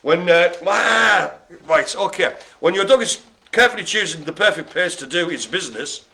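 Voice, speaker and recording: Jokey, bright-voiced male bingo caller. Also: on the high side, expressive, a little fast. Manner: jokey, chatty, playful asides. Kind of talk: lively bingo calling with banter.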